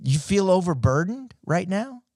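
A pastor preaches with real fire, his voice sitting a little higher than most men's and leaping higher still when he pushes a point. He talks directly to the people watching online. The sound is close and dry, with almost no room echo. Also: very animated, unhurried, darkish tone. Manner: impassioned, climbs to high emphatic peaks; addresses online viewers directly. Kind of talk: sermon.

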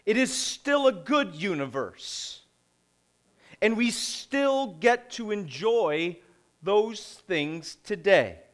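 A middle-aged man preaching a conversational sermon, posing rhetorical questions and pausing deliberately. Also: high-pitched, very animated. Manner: slow, deliberate delivery with pauses. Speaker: pastor.

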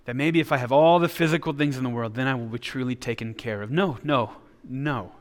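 A man's voice: mid-range voice, a little fast, hardly any pauses, in a large hall. A man preaching a sermon in an earnest way, often restarting his words as he explains. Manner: earnest, with frequent repeated restarts. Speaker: pastor.

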